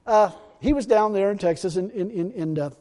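A man's voice: high-pitched, lively intonation, brisk, warm tone. A man preaching a storytelling sermon in a folksy, rambling way, often laughing at his own stories. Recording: long reverb in a hall.

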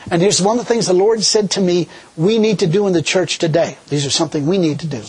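A middle-aged man preaching a sermon in a folksy, animated way, laughing often. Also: high-pitched, quick pace, breathy edge, rough recording.

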